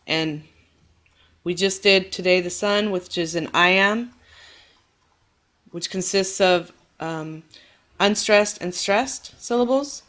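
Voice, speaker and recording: A woman with a mid-range, fairly bright voice teaches a recorded lecture slowly, pausing often. She explains clearly and patiently, offers her students reassurance, and leans hard on word stress when illustrating rhythm.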